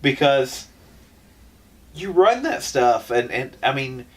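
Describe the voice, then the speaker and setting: A man's voice: medium pitch, very animated, takes it slowly, far from the mic. Rambling man, a bit off-mic. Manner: rambling, frequent restarts. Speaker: podcast co-host. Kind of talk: casual chat.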